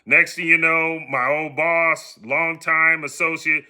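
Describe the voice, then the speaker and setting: A middle-aged man from the United States casually telling a personal story on his podcast, animated and acting out the voices of the people in it. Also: fairly high pitch, takes it slowly. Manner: animated, acts out quoted voices.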